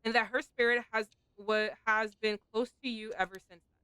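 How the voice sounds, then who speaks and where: A woman's voice: a little high, fairly even intonation, pushed and bright, clean tone, no echo, poor audio. Woman reading as a formal spirit expert. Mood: measured. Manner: measured, formal.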